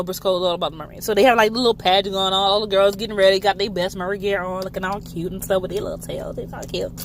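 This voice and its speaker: A woman casually recapping a TV episode, animated and swearing freely. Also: medium pitch, a little hiss or hum. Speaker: TV show reviewer.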